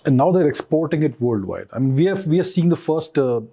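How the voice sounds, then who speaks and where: Mellow-voiced host. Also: male voice, a little high, expressive, fairly quick, slightly rough. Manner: agreeable, brief affirmations. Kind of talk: interview conversation.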